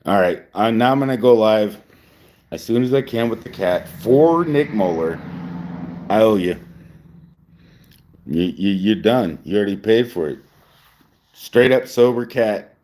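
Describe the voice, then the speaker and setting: A man in his forties talks casually to his live-stream viewers in a very low voice that swings widely up and down. He rambles, stumbles over repeated words and laughs often, loosened up by whiskey. A faint hum of noise sits behind him. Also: animated, unhurried, long pauses, darkish tone. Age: 40s. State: drinking whiskey while talking.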